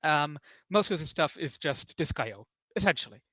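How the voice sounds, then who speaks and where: A man's voice: fairly high pitch, animated, moderate pace, a bit bright, no echo, muffled recording. A man on a technical call, explaining package builds with many fillers and restarts. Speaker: developer on a conference call. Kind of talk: technical discussion.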